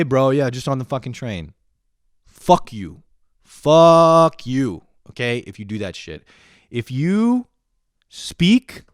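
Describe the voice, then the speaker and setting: A man's voice: medium pitch, dry recording, clean studio sound. A young man in a profane comedic rant, swearing constantly and sounding exasperated as he complains. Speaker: comedic vlogger.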